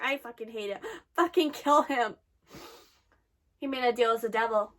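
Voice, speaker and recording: A woman's voice: fairly high pitch, normal speed, pauses often, fairly bright tone. A woman giving emotional reaction commentary while watching an anime, swearing and exclaiming.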